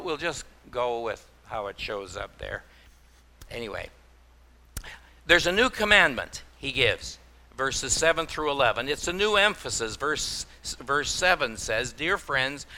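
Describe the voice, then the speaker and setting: A man preaching a sermon in a bright, forward voice. He talks in a folksy way, tossing in homespun exclamations and acting out little stories for his congregation. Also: a little high. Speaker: pastor.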